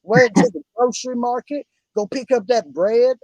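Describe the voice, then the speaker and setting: A man's voice: very high-pitched, moderate pace, darkish tone, dry recording, poor audio. A man with an Oklahoma country accent hosting a casual fantasy football podcast, folksy and effusive, calling everyone buddy and brother. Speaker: podcast host.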